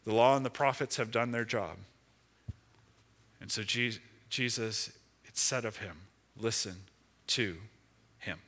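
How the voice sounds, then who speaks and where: A man preaching a sermon, rising to loud emphatic lines and dropping to slow, hushed words. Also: fairly low pitch.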